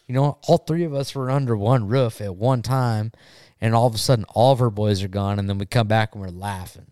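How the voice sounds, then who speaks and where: A man's voice: fairly low pitch, moderate pace, clean tone, no echo. A young adult man telling a wild story in casual podcast chat, swearing a lot and acting out what everyone said. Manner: profane, animated, acts out quotes. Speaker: podcast co-host.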